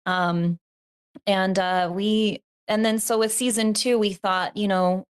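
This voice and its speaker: A woman's voice: mid-range voice, fairly even intonation, takes it slowly, smooth. A woman telling a story in a casual interview, earnest and reflective, with many fillers. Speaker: podcast co-host, guest.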